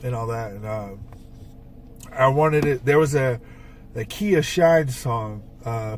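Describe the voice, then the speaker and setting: A man's voice: mid-range voice, takes it slowly, pauses often, darkish tone. A man chats casually on a podcast, wandering through his stories with plenty of "uh" and "like" and the odd curse word. He sits a little back from the microphone, so his voice sounds distant. A faint hiss runs under the whole recording. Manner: rambling storyteller with frequent fillers and swearing. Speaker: podcast co-host and band songwriter. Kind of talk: casual chat.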